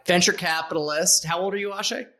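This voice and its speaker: A man hosting a podcast interview with a bright, forceful voice that sits a little high. He talks casually and teases his guest with joking banter. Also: fast talker. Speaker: podcast host.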